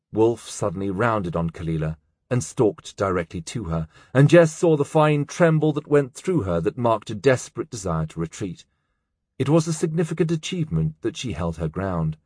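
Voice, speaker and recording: A man narrating a novel as an audiobook, in an expressive, measured storytelling manner. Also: lowish voice, slightly rough, dry recording, studio quality. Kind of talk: scripted narration.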